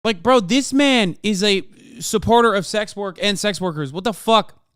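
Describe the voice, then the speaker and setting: Smooth-voiced man ranting on a livestream. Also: sits high, moderate pace, fairly bright tone, dry recording, clean studio sound. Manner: heated, ranting, mocking. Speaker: streamer reacting to clips. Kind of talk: casual profane livestream commentary.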